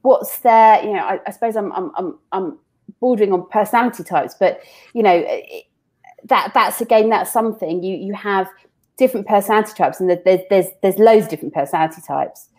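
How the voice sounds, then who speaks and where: A woman's voice: mid-range voice, fairly quick, a little mellow. A woman in an interview, explaining how she works with people, with a chatty manner full of restarts and repeated words. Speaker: business owner guest. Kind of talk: casual interview talk.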